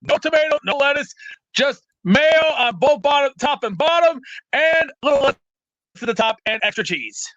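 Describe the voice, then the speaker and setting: A man with a strikingly high, bright voice blusters and rants like a tough guy. He phones in over a dull, lo-fi internet line. The sound is dry, with no room echo. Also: lively intonation, normal speed. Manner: brash, loud, rambling tough-guy bluster. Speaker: show caller. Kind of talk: comedic call-in rant. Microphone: remote internet call. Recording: lo-fi internet call audio.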